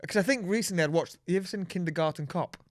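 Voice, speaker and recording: A man's voice: high-pitched, rapid-fire, no room sound, studio quality. A man, co-hosting a podcast in casual chat, speaking reflectively and restarting his sentences. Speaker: podcast co-host.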